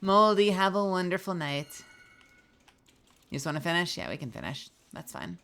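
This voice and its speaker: A woman's voice: fairly low pitch, very animated, normal speed, fairly bright tone. A young woman streaming a game live, chatting casually with her viewers while she plays, sleepy and yawning. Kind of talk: casual gaming chat.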